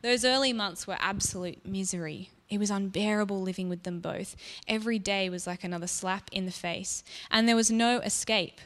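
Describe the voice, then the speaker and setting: A woman telling a story in the first person, soft and reflective, as if confiding in the listener. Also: mid-range voice, normal speed, hardly any pauses. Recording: long reverb.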